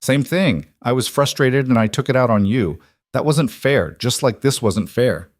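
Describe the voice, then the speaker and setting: A man voicing a single father in a spoken story, gentle, patient and steady but firm. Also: medium pitch, moderate pace, no room sound, clean studio sound, voice pushed up, close to an everyday voice.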